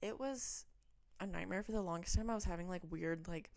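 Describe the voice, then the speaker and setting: A woman's voice: lowish voice, brisk, vocal fry, a little mellow, no room sound. A young woman who chats casually, wanders into rambling asides and reads stories aloud. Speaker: vlogger reading online stories. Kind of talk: casual chat and reading aloud.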